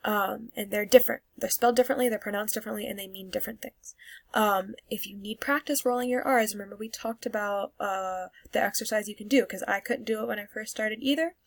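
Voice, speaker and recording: A young woman teaching Spanish, sounding out words slowly for learners and then explaining casually. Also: medium pitch, vocal fry, no room sound. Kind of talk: classroom lesson recorded for students.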